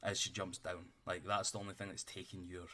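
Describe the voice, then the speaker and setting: Low-voiced male game master. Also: flat delivery, fairly quick, bright, forceful tone. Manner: loose, filler-heavy, swears casually. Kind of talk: narrating a tabletop game.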